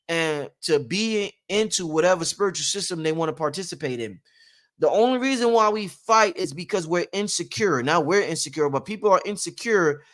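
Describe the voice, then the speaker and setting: With a high-pitched, fairly bright voice, this man hosts a casual livestream of rambling motivational preaching. He hammers his points home by repeating them.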